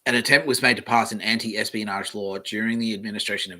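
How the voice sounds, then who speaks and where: A man's voice: on the low side, fast, pushed and bright. An Australian man hosting a solo podcast, reading aloud in a meandering, offhand way and swearing casually. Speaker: podcast host.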